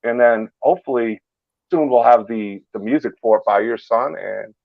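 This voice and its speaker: A man's voice: medium pitch, normal speed, gravelly, no room sound, lo-fi sound. A man hosting a live chat show, talking casually, repeating and stumbling over words. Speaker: host.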